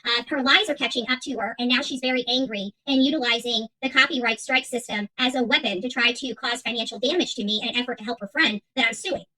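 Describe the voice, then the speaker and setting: A woman's voice: fairly high pitch, fast, few pauses, bright, forceful tone, rough recording. A woman hosting her own channel, talking straight to viewers in a heated, defiant monologue, with many fillers and repeated words. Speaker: YouTube channel host.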